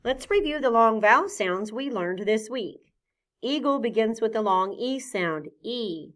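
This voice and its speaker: A woman teaching a phonics lesson to young children, patient and clear, sounding out each letter sound deliberately. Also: on the high side, animated, a bit bright.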